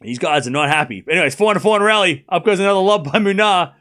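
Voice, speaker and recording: Brief: high-voiced male streamer, excitable play-by-play, laughs a lot. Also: fast talker. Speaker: streamer host. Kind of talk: live watchalong commentary.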